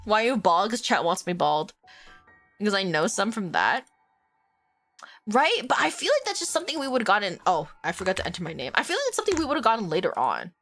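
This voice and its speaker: A woman's voice: medium pitch, very animated, fairly quick, fairly bright tone. A young woman streaming a game, reacting dramatically, exclaiming and swearing to her chat. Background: faint game music.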